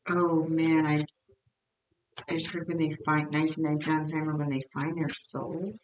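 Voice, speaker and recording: A woman's voice: low-pitched, level tone, moderate pace. Blunt chatty woman reading tarot, roomy sound. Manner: blunt, chatty, repeats herself. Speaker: tarot reader. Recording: roomy echo, distant mic, faint noise.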